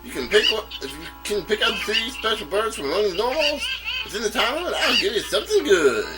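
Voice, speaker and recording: A man's voice: sits high, sing-song, brisk, pitched above the performer's own voice. A man doing a folksy lazy ranch owner. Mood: jovial. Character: lazy, jovial middle-aged male ranch owner. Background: game music.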